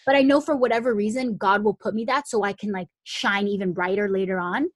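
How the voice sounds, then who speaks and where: A woman's voice: mid-range voice, a little fast, no echo. Young woman telling a church story, says like a lot, voices the other people, dry close mic. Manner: chatty, full of "like" fillers, acts out the quoted voices. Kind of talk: casual storytelling.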